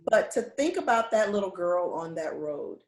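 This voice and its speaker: A woman's voice: fairly low pitch, expressive, moderate pace. Woman host in an echoey room. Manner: warm affirming, rambling restarts. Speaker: interview host. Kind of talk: casual interview conversation.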